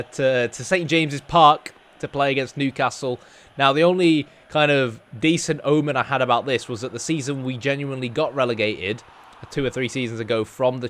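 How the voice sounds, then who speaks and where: With a mid-range voice, a young gaming YouTuber rambles through casual commentary on a football match he's playing. He's chatty and self-deprecating, with plenty of ums and ahs.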